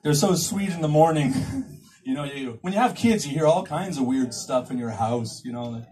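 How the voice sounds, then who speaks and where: A man's voice: fairly high pitch, normal speed. A male stand-up comedian performing live in a cinema, rambling and self-mocking, with stammering restarts. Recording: far from the mic, loud crowd laughter.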